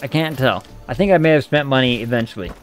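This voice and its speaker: A man's voice: mid-range voice, quick pace. Wry streamer man, faint music. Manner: wry, joking asides. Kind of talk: casual game commentary.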